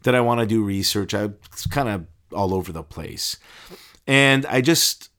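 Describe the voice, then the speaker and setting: Animated man telling a funny story. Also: normal speed. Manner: animated storyteller, stumbles and laughs, pitch jumps when excited. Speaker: interview guest, deacon and pharmacist. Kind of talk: casual storytelling interview.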